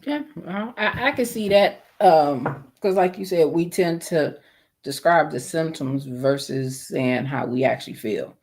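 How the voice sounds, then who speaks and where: Man podcast co-host, measured, explains things with lots of fillers. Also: on the high side, a little mellow. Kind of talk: casual podcast chat.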